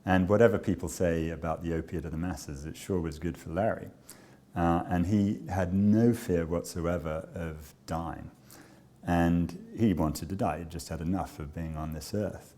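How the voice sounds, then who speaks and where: A man with a notably low voice tells a personal story in an interview. He speaks in a measured, understated way and pauses often between thoughts. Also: mellow. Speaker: charity director.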